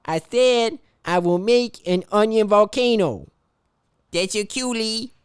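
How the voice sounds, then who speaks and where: Rambling high-voiced woman politician as a man puts her on, gravelly edge, cartoon satire. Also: normal speed, no echo. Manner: rambling, repeats herself. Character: ditzy female politician caricature, rambling.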